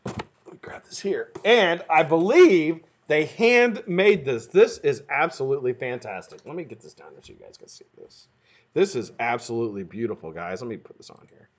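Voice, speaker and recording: A man hosts a casual live stream, his voice pitched fairly high and swinging widely as he greets his viewers. He swears freely and calls everyone man or brother, and his voice sounds a little hoarse. The audio is dull and lo-fi. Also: sing-song, moderate pace. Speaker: livestream host.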